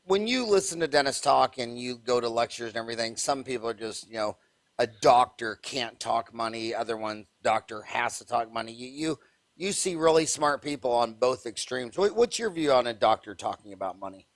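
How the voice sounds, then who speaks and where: A man hosting an interview podcast, asking animated questions and repeating words as he gets started. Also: medium pitch, a little fast, no room sound. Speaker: podcast host. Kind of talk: conversational interview.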